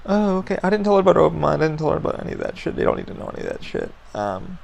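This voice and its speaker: A man with a heavily gravelly, fry-laden voice talks bluntly on his podcast. His pitch sits a little high for a man, and he speaks with unfiltered frankness, swearing freely as he vents. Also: very animated, racing, darkish tone, poor audio. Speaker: podcast host. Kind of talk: casual venting monologue.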